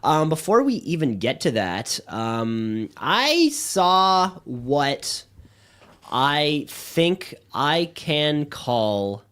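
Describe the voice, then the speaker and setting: A man co-hosting a podcast in a studio, chatting casually in an excitable, rambling way, with lots of fillers and swearing. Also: a little high, very slow, clear, resonant tone. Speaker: podcast co-host.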